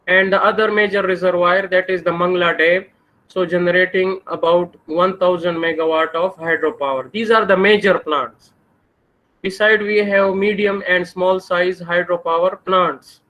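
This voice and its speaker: A man's voice: high-pitched, steady tone, normal speed, fairly bright tone, poor audio. A man with a Pakistani English accent giving a university engineering lecture, posing questions to the class and answering them himself.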